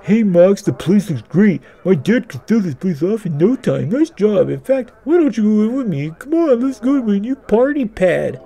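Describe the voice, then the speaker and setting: A man's voice: high voice, very animated, moderate pace, gravelly, hardly any pauses, warm tone, voice pushed up, heavily acted. A man doing a chirpy young party buddy. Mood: upbeat.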